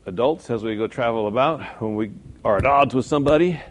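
A man preaching a sermon in a conversational way, now and then jumping to loud emphasis and acting out quoted voices. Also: lowish voice, fast talker, gravelly, a little hiss or hum.

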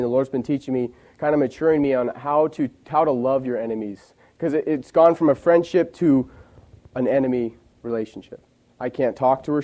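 Earnest young man, mellow voice. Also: mid-range voice. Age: 20s. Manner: earnest, heartfelt and rambling. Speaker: church member giving a testimony. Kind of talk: personal testimony to a congregation.

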